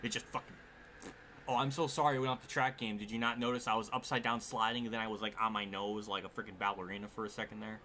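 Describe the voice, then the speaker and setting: A man's voice: lowish voice, fast talker. A man streaming a racing game at his desk at home, giving live commentary full of exasperated, swearing outbursts. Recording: steady background noise.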